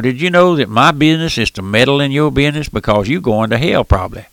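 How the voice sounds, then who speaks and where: Fervent folksy radio preacher. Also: male voice, expressive, a little fast, gravelly, a bit bright, no echo. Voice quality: squeaky, folksy. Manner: fervent, repetitive, calls listeners friend and folks. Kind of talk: radio sermon.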